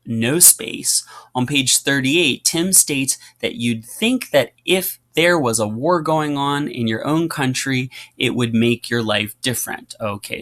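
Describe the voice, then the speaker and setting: Man teaching punctuation with lively read-alouds. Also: mid-range voice. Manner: explains patiently with many fillers, reads excerpts with lively emphasis. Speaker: writing teacher. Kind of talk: classroom lesson reading examples aloud.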